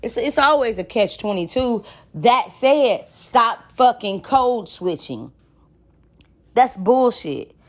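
A woman's voice: on the high side, expressive, slow pace. A woman hosting a podcast, talking through her opinions in a blunt, emphatic, profane way and often turning to the listener with rhetorical questions. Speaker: podcast host. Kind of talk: casual opinion monologue.

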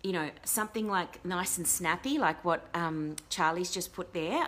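A woman coaching viewers in a casual live talk, gentle and encouraging, rambling with many fillers as she reads out their comments. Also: on the low side, moderate pace, few pauses.

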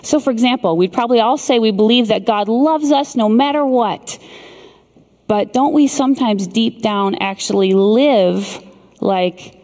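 A middle-aged woman giving a sermon, telling a story in an earnest, measured way with dramatic pauses. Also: medium pitch, expressive, mellow. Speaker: speaker. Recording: long hall reverb.

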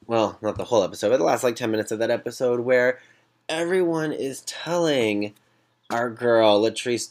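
A man's voice: mid-range voice, lively intonation, normal speed. A man giving a casual, gossipy recap of a reality competition, with sassy asides.

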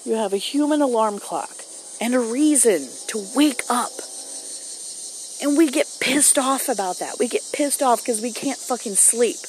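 A woman's voice: a little high, a little slow, a little hiss or hum, rough recording. A young mother telling a story in a blunt, profane, casual way. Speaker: mom vlogger. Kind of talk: casual monologue to camera.

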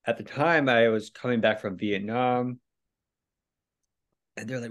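A man's voice: on the low side, unhurried, long pauses. Laid-back young man telling stories. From Hawaii. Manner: animated, laughing, swears often, acts out quotes. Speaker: podcast guest. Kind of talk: casual storytelling.

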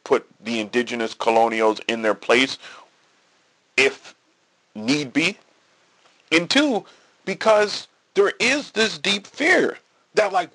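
Gravelly, lively-voiced man hosting a podcast. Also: mid-range voice. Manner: storytelling with quoted dialogue, repeats and restarts. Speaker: podcast host. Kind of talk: casual political monologue.

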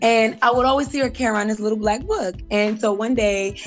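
A woman's voice: fairly high pitch, fast, soft background music. Reflective woman guest on a podcast. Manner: reflective, with fillers and soft laughs. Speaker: guest author and life coach. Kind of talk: casual interview chat.

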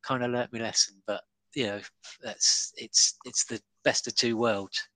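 A man talks in an animated, story-telling way, stumbling over fillers and restarts. His voice is bright and forward, and the sound is close and dry. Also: medium pitch, a little slow, no room sound, poor audio. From Devon and Cornwall, England. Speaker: stand-up comedian. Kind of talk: casual conversation.

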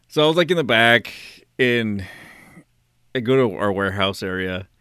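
Low-voiced man chatting lively. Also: clean tone, no room sound, clean studio sound. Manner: chatty, quick to laugh along. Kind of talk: casual chat.

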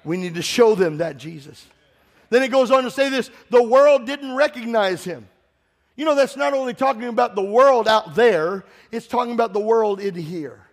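A man preaching a sermon in a church, impassioned and swelling into shouts, putting direct questions to the congregation. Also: very high voice, lively intonation, normal speed. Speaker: pastor.

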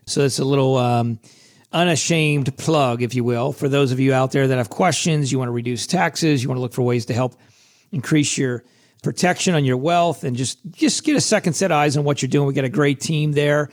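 A middle-aged man with a hoarse, scratchy voice, hosting a casual solo podcast in a chatty, self-deprecating way. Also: mid-range voice, brisk. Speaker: podcast host.

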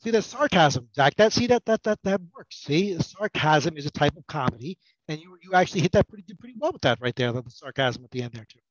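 Fast-talking rambling middle-aged man. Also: on the high side, big pitch swings, no room sound, dull audio. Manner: rambling, self-mocking, with many restarts. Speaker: podcast guest. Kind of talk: casual podcast banter.

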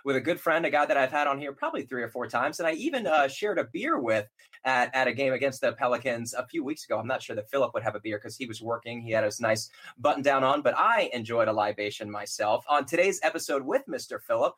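A man's voice: mid-range voice, animated, quick pace, a bit bright. A man hosting a basketball podcast, chatty and upbeat, introducing his guest. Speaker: podcast host. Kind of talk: casual sports podcast chat.

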